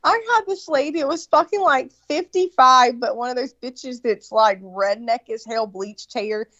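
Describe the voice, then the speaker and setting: A woman telling a story in casual chat, swearing freely and animated, with lots of fillers and restarts. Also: fairly high pitch, moderate pace, no room sound. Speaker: guest recounting a story. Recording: dull lo-fi sound, dry.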